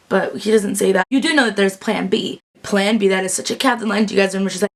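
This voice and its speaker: A woman's voice: medium pitch, fairly even intonation, brisk. Chatty young woman recapping a show. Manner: chatty and bubbly, many fillers, acts out quotes. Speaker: TV recap vlogger. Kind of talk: casual chat.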